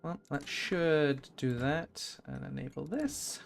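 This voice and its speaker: Gravelly man mumbling through a game. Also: on the high side, sing-song, takes it slowly, slight background noise. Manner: rambling, thinking aloud with many fillers. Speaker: game streamer. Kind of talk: live gameplay commentary.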